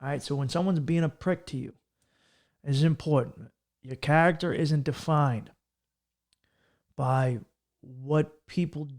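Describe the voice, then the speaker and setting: A man's voice: mid-range voice, a little mellow. A man hosting a podcast, giving casual advice in a blunt, profane and emphatic way. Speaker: comedian and podcast host.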